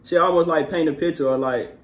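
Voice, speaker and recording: A young man in an echoey room, speaking in a slightly raised voice as a guest in relaxed chat. He talks haltingly and slangily, often stopping to restart a thought. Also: on the high side. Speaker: guest, navy sailor. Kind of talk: casual chat.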